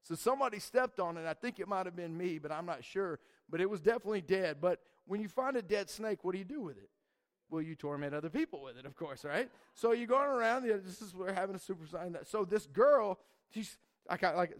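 A young man, a church youth leader, telling a rambling, animated story to a group and saying man and dude a lot. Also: sits high.

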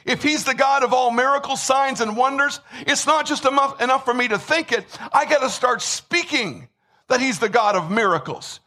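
A man preaching a sermon with emphasis, repeating words and rising to shouts. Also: very high-pitched, moderate pace. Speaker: pastor.

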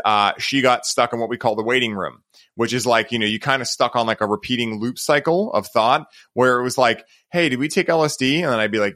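A man's voice: on the low side, sharp tone, dry recording. A man hosting a podcast, telling stories in a rambling, casual way and leaning on filler words. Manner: rambling, heavy use of "like" and "right?". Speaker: podcast host.

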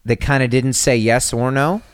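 A man's voice: mid-range voice, fairly even intonation, moderate pace, smooth, no echo. A man co-hosting a casual podcast, rambling through anecdotes with self-interruptions. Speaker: podcast co-host. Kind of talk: casual storytelling chat.

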